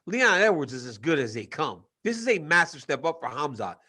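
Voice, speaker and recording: A man co-hosting a casual sports podcast over a video call, animated and teasing, laughing often. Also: a little high, brisk, breathy edge. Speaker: co-host and fight analyst.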